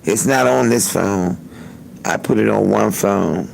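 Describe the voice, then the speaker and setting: A man's voice: on the low side, unhurried, gravelly, a little hiss or hum, poor audio. A man hosting a livestream, telling a story in a loose, profane, chatty way, laughing often, into a phone. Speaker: livestream host.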